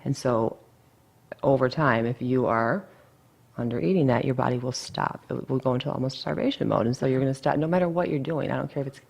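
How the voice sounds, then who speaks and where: A woman's voice: very deep voice, brisk, vocal fry, a little mellow, slightly rough, highs cut off. A woman dietitian talking casually in an interview, blunt and chatty, full of asides.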